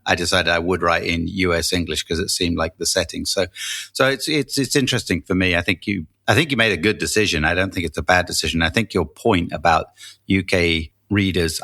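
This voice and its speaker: A man's voice: low-pitched, bright, forceful tone. A man from the UK co-hosting a podcast, chatting casually and joking, laughing easily. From United Kingdom. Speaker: podcast co-host.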